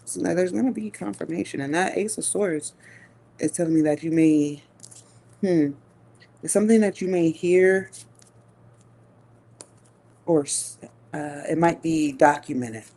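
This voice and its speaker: A woman giving a live tarot reading, musing slowly with long hums and pauses, and talking in a casual, profane way. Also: sits low, mellow. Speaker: tarot reader.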